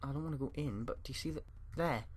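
A man's voice: medium pitch, fast talker, breathy edge. A man giving let's play commentary into a desk mic, swearing and yelping at scares while reading game text aloud. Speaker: gamer.

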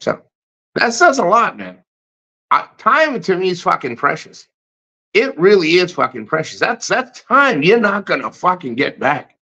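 A man's voice: high-pitched, big pitch swings, moderate pace, vocal fry, bright, forceful tone. A man hosting a casual livestream, reading chat and giving blunt, profane motivational rants. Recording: muffled lo-fi stream audio.

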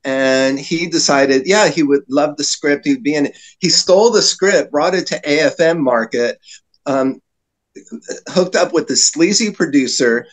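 Guy telling wild stories on a podcast, kinda high voice, does little voices for people. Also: measured pace. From New Jersey. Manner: animated anecdotes, slips into voices for other people. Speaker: guest. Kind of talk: casual storytelling.

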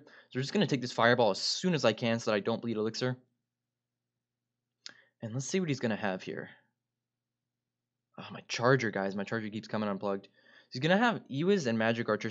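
A man's voice: mid-range voice, dull audio. A man giving upbeat play-by-play commentary on his own gameplay as a video creator, often turning to address his viewers directly.

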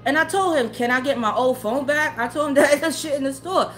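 A woman's voice: high voice, fairly quick, a bit bright, faint music behind. A woman who streams tarot readings, ranting bluntly and with lots of profanity in casual talk to her live chat. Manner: blunt, profane, heated, often laughing. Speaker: tarot livestreamer.

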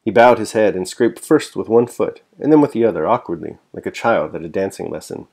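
Low-voiced male reader, measured and even, audiobook narration plus commentary. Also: gravelly. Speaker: reader and host. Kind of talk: reading a novel aloud with reflection.

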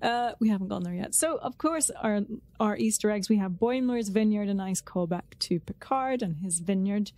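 A woman's voice: medium pitch, moderate pace, darkish tone. A woman co-hosting a podcast in casual chat, chatty and teasing. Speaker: podcast co-host.

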